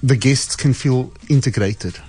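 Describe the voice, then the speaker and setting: A man's voice: medium pitch, unhurried, darkish tone, slightly rough, faint music behind. Earnest man organiser. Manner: earnest, explains plans step by step. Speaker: event organiser. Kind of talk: interview guest talk.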